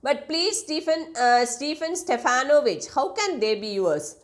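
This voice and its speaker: A woman's voice: high-pitched, animated, measured pace, voice pushed up. A woman reading the part of an agitated young male landowner, with mild emphasis. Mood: pleading.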